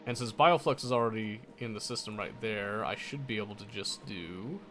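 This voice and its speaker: A man's voice: fairly low pitch, moderate pace, fairly bright tone, soft background music. A man casually commenting on his own gameplay, muttering to himself and correcting his mistakes as he goes. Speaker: gameplay streamer.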